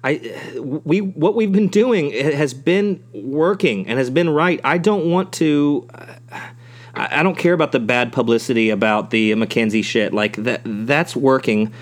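A man's voice: mid-range voice, a little slow. Rambling, profane man chatting. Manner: profane, rambling, many restarts. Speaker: podcast co-host. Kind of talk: casual chat.

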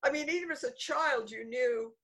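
Older Englishwoman, interview guest, slightly high voice, emphatic and repetitive for effect. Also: normal speed, slightly rough, poor audio. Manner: animated, emphatic, repeats words for stress. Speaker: guest author. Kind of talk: conversational interview storytelling.

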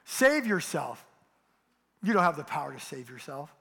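A man's voice: a little high, quick pace, gravelly, pushed and bright, breathy edge. A pastor preaching a passionate sermon, rising and falling as he drives his points home. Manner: impassioned preaching, acts out mocking voices. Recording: long hall reverb.

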